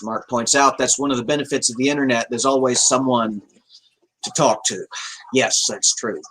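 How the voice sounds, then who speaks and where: A man chatting on a casual livestream, rambling loosely and reading out messages from chat. His voice is bright and forward, and he swears in an offhand way. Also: medium pitch, steady tone, normal speed, a little hiss or hum, low-quality recording. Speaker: livestream host.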